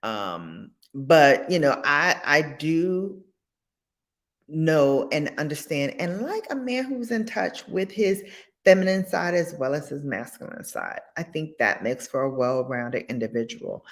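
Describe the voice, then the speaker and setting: A woman hosting a casual commentary vlog, blunt and sassy, with animated asides. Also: deep voice, measured pace. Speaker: host.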